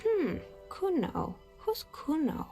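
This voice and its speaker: A calm middle-aged former hairdresser in a video game. Her voice is gravelly and mellow, soft-spoken, and her pitch moves up and down a lot as she talks. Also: takes it slowly, soft background music, exaggerated voice. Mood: calm, wry.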